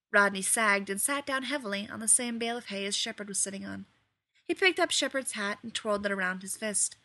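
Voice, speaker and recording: A woman reading a story aloud in an expressive, lively way. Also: medium pitch, a little fast, no echo. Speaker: reader. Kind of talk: storybook narration.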